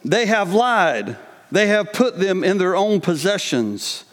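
A man's voice: high voice, a bit bright. A man preaching a sermon, reading scripture aloud and breaking into earnest, conversational asides. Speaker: pastor. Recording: long hall reverb.

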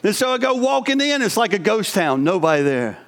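Man in his 40s, very high pitched, telling his own story in a sermon in a big echoing hall; lively, laughing, keeps restarting his sentences. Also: brisk. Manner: animated, laughing, self-interrupting. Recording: long hall reverb.

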